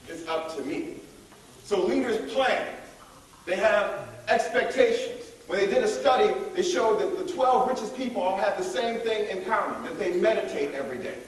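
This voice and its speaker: A man giving a lively motivational leadership workshop, rallying the audience to join in. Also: sits high, far from the mic, slight background noise. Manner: energetic, calls on the audience to join in. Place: large echoey room at a college event. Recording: echoey room, voice heard from afar.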